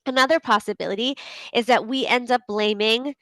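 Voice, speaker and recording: A woman's voice: fairly high pitch, brisk, a bit bright, dry recording, low-quality recording. A woman hosting a casual group video call, chatty and full of fillers, who often acts out inner voices. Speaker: host of a group coaching call. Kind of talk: casual talk to an online group.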